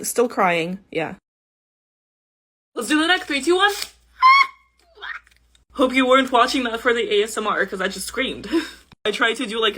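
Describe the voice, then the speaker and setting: A young woman with a fairly high voice talks to her viewers in a chatty, playful vlog manner. She pokes fun at herself in an easygoing, casual way. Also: fairly bright tone. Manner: playful, chatty, self-mocking. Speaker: makeup creator.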